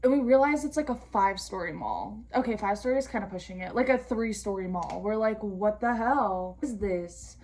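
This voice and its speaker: Young woman, casual vlog storytime, slangy, swears a lot, jokey asides, mid-pitched voice. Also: lively intonation, normal speed, few pauses, a little mellow. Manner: slangy and profane, with comic asides. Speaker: vlogger. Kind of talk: casual storytime while doing skincare.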